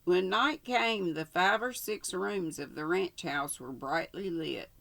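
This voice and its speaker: Older woman host, casual story reader, gravelly, unhurried, self-correcting. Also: fairly low pitch, fairly bright tone. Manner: unhurried, stops to correct herself. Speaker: channel host reading a story. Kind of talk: casual story read-aloud.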